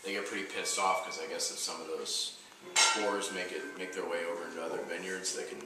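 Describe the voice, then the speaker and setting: A man at a dinner table talking haltingly, stammering and restarting his sentences. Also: deep voice, level tone, distant mic, very noisy. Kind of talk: casual dinner-table chat. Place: home dining room during a holiday dinner. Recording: echoey room, off-mic.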